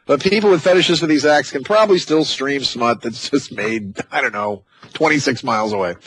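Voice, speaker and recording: On his opinionated talk radio show, a man reads the news a little fast in a medium-pitched voice that's husky and slightly bright, breaking in with mocking, sarcastic remarks. The audio quality is poor.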